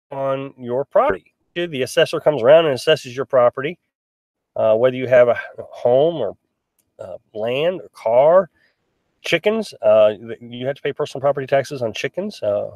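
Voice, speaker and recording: A middle-aged man hosts a casual live stream from a small pop-up camper, reading viewer comments aloud and answering them. His medium-pitched, slightly mellow voice is chatty and rambling, full of restarts and fillers, and there's no echo.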